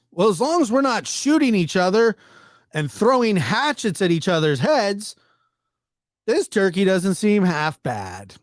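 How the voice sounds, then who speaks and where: A high-voiced man tells a comic story in a dry, close recording. His pitch swings widely as he acts out the characters. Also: no room sound. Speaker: stand-up comedian. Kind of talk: comedic storytelling monologue.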